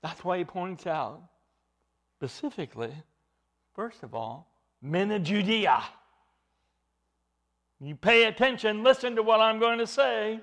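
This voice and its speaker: A man preaching an expository sermon, emphatic, with his voice rising into loud bursts. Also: sits high, lively intonation, measured pace, long pauses.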